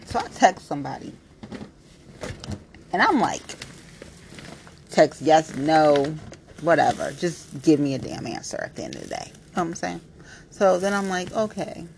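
A woman's voice: lowish voice, huge pitch swings, normal speed, creaky, long pauses, a little hiss or hum. A young woman hosting her own podcast, venting bluntly and a little pettily in a casual monologue full of slangy asides. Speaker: podcast host.

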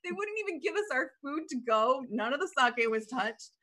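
High, animated woman telling a story. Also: normal speed. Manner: animated, acts out other people's lines. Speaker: guest. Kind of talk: casual storytelling.

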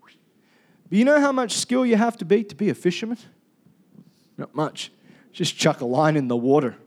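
High-voiced pastor preaching. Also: male voice, big pitch swings, moderate pace. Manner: casual, jokey, calls for amens. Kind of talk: sermon.

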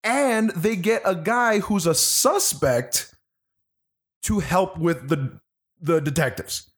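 A man recounts a film in casual chat, his voice sitting a little high. He tells it with lots of laughter and cursing. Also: takes it slowly, husky. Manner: animated, profane, laughing storyteller. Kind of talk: casual movie review chat.

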